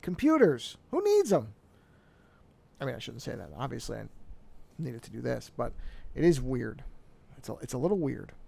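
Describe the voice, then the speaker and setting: A man's voice: medium pitch, sing-song, fairly quick, creaky, dark tone, husky. A man streaming a drawing session, chatting casually and rambling to himself, correcting himself as he works. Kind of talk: casual livestream talk while drawing.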